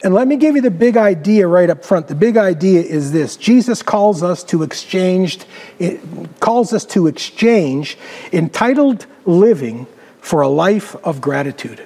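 A male pastor with a notably high voice tells sermon stories with dramatic swings, sinking quiet and low to land a point. His words ring out with a long, hall-like reverb. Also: animated, a little slow. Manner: dramatic, varies pitch and loudness, drops low for emphasis. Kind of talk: storytelling sermon.

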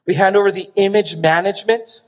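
Pastor, male, very high voice, animated emphatic preacher, big reverberant church hall. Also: fairly quick. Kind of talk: sermon. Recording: long reverb of a large hall.

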